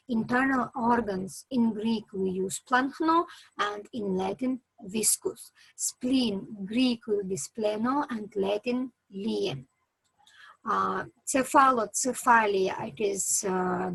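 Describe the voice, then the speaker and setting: Slow, husky-voiced woman lecturer with a Kyrgyz accent. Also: mid-range voice, a bit bright, dry recording, rough recording. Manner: slow and halting, many "uh" fillers, lists terms. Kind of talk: reading a terminology lesson.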